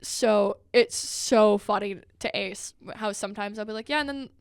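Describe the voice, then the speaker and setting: A woman's voice: medium pitch, normal speed, gravelly, clear, resonant tone, no room sound, studio quality. A young woman co-hosting a casual podcast, telling stories with lots of laughter and acted-out quotes. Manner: animated, laughing storyteller who acts out quotes. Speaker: podcast co-host. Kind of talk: casual chat.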